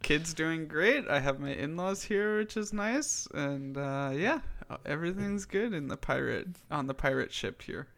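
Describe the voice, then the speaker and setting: A man's voice: fairly high pitch, animated, normal speed, gravelly, a bit bright. A young man co-hosting a casual podcast, sympathetic and upbeat in conversation. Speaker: podcast co-host.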